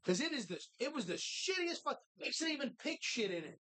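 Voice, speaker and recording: A co-host on a live talk show recorded in a bar, swearing constantly while retelling a movie in animated detail. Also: sits high, fairly quick. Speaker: podcast co-host.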